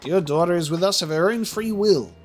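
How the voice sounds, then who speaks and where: A man voicing a calm, smug cult member who speaks formally and makes veiled threats. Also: sits high, fairly quick, soft background music, voice pushed up, lightly acted. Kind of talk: reading game dialogue aloud.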